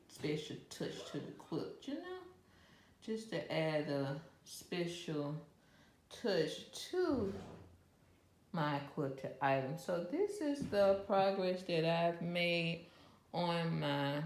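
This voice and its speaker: A woman's voice: deep voice, a little mellow. A woman hosting her quilting channel, showing her work in a chatty, encouraging way with lots of "you know" fillers. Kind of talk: casual show-and-tell vlog. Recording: echoey room.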